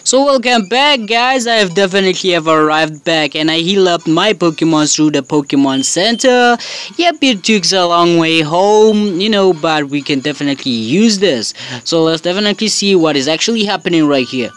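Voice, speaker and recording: A woman's voice: on the low side, animated, normal speed, smooth. A woman commentating her own game playthrough, rambling and chatty with many fillers. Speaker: gamer. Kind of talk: let's play commentary.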